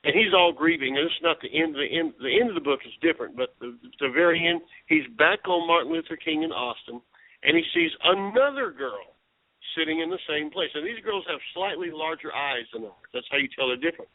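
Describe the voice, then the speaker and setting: Caller, man, lively storyteller who does the voices, somewhat high voice, dry tinny phone line. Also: brisk, no echo. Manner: animated storyteller, acts out quoted voices, laughs often. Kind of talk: casual phone chat retelling a book.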